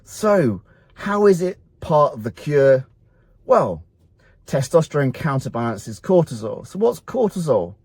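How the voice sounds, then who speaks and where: A man's voice: fairly high pitch, big pitch swings, unhurried, a little mellow, husky, dry recording. A middle-aged man, a doctor giving a blunt, motivational health talk to camera that poses rhetorical questions and then answers them. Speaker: doctor at a men's health clinic.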